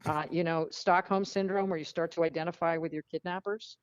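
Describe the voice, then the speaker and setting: A woman guest telling frank, lively stories in a casual interview. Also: on the low side, a little fast, no echo. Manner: animated, frank storyteller who acts out quotes. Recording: dull lo-fi dry sound.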